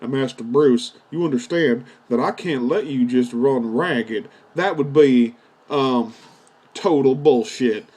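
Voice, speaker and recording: A man voicing a slow, patronizing older male butler in a low drawl. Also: a little mellow. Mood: scolding.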